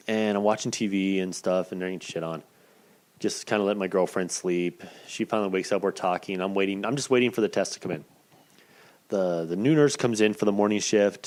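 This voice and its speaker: A man hosting a podcast, telling a story in casual, profane chat and acting out quotes with lively swings. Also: lowish voice. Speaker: podcast host.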